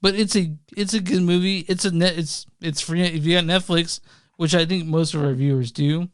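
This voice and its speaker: A man from Texas co-hosting a podcast in casual chat, halting and repeating words, laughing often, on a close podcast mic. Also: a little high, steady tone, clear, resonant tone, dry recording. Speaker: podcast co-host.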